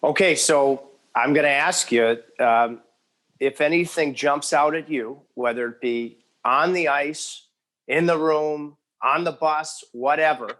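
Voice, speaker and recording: A man's voice: a little high, a little slow, fairly bright tone. Casual male podcast interviewer. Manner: casual, conversational questioning. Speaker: podcast host. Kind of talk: interview questions.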